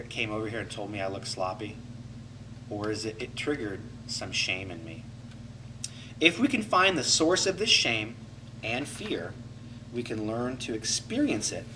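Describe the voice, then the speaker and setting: A man's voice: medium pitch, recorded from a distance, noisy background. A man coaching a class in a reflective teaching talk, acting out inner voices to make his points. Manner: animated, acts out inner voices to illustrate.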